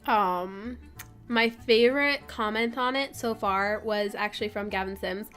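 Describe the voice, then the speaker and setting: A woman's voice: medium pitch, measured pace, a bit bright, faint music behind. A young woman YouTuber chatting casually in a rambling, self-deprecating way over a building video. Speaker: Sims YouTuber. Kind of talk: casual voice-over chat during speed build.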